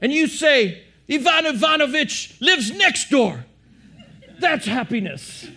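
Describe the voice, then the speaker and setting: A man playing a deadpan, gloomy Russian man, talking slowly, as a joke in a sermon. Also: extremely high pitch, voice pushed up, exaggerated voice.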